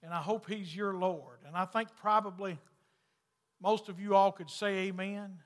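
A man preaching a folksy sermon as pastor, swinging between loud calls and hushed, intimate lines. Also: sits high, fairly even intonation, moderate pace, big-room sound.

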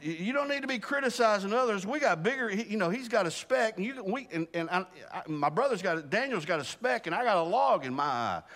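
A man preaching an informal Bible study with a lively, swooping delivery. He talks fast, restarts his sentences and chuckles at his own slips. His voice rings with a long reverb from the hall. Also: high voice. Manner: animated, repeats and restarts, laughs at himself. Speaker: pastor. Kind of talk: casual sermon Bible study.

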